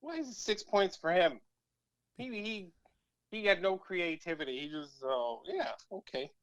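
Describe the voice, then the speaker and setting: A man's voice: high-pitched, expressive, moderate pace, fairly bright tone, smooth, no echo. A man playing a comedic game show over a phone call, bluffing and joking with mock indignation and some swearing. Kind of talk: casual comedic banter.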